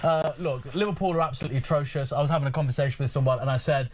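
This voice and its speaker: A man's voice: medium pitch, crowd noise. A man co-hosting a radio sports show, bantering and teasing his co-host in casual chat. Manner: jokey, teasing, quick-fire.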